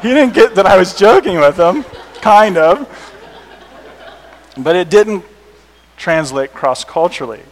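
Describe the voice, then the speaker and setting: An American man, a missionary, telling stories to an audience in a large hall, animated and laughing at his own jokes. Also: sits high, takes it slowly, long pauses, slight background noise. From United States. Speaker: missionary speaker. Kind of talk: storytelling talk to an audience. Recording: reverberant hall.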